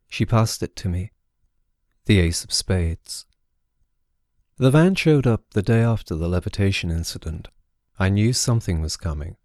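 A man reading a first-person story aloud in a wry, measured way. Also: fairly low pitch, animated, darkish tone, no room sound, clean studio sound. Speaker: narrator. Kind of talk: scripted audiobook narration.

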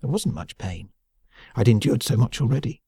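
A man doing a raspy, wheedling old prisoner. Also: medium pitch, lively intonation, moderate pace, mellow, no echo, clean studio sound, voice pushed up, heavily acted. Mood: boastful. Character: frail, cackling old male prisoner. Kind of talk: audiobook character voice.

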